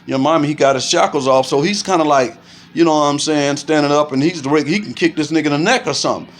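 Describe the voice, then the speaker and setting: A middle-aged man telling a street story to camera in animated, profane casual talk, filling it with "you know what I'm saying" and punching sounds. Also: a little high, fast talker. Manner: makes punching sounds aloud.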